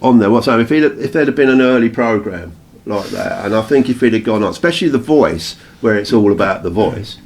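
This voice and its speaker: Gravelly English man telling stories. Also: fairly low pitch, brisk, few pauses. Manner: storytelling, animated, laughs often. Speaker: radio show co-host. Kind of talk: casual reminiscing chat.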